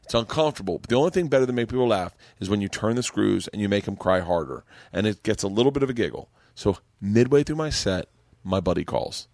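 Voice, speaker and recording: Comedian guy riffing a story on a podcast, lowish voice, dry close mic. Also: fast talker, no room sound. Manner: profane, animated storyteller. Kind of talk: casual storytelling chat. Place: podcast studio.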